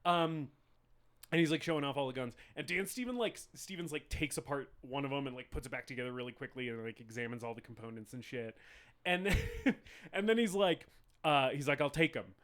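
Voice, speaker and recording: A man's voice: medium pitch, expressive, fairly quick, fairly bright tone. A young man from rural Arizona co-hosting a film podcast, rambling with lots of fillers, swearing, laughing and acting out movie lines. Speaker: podcast co-host. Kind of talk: casual film podcast chat.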